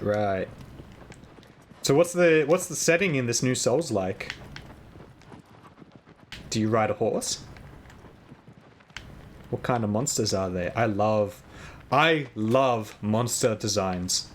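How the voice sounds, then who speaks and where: A man live-streaming a game, chatting casually with viewers and thinking aloud in an excitable, rambling way, sometimes shouting at his in-game horse. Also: mid-range voice, slow pace, long pauses, slight background noise.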